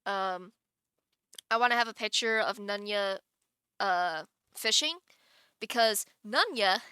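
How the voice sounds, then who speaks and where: A woman's voice: medium pitch, takes it slowly, pushed and bright, smooth, dry recording, clean studio sound. A woman streamer chatting casually on a live stream, giggling often and rambling with many restarts.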